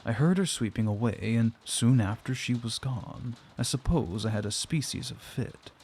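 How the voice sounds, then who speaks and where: A man narrating a classic novel aloud in a steady, measured reading. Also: mid-range voice, slightly rough. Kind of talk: audiobook narration.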